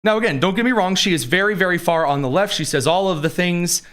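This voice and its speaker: A man's voice: high voice, fast, fairly bright tone. A man hosting a political commentary show, talking in a sarcastic, rambling way. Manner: sarcastic, digressive. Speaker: host.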